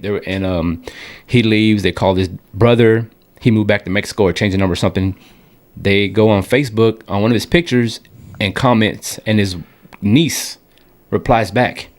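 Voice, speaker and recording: A young man co-hosting a podcast, telling a story casually and acting out the people he quotes. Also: on the low side. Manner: animated storyteller, acts out quoted voices. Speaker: podcast co-host.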